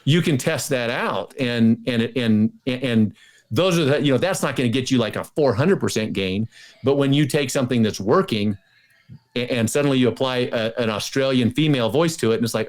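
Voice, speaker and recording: A man's voice: mid-range voice, normal speed. A man as a guest in an interview, talking casually and eagerly, often restarting and repeating words. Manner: enthusiastic, many restarts and repetitions.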